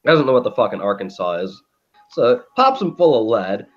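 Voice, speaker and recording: A man co-hosting a podcast, telling a story in a profane, animated way and acting out quotes. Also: medium pitch, normal speed, muffled recording, faint music behind. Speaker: podcast co-host. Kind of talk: casual chat.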